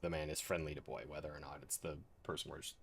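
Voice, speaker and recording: Very deep-voiced man, tabletop player. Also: fairly even intonation, fast talker, vocal fry, a bit bright, slight background noise. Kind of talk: casual tabletop play.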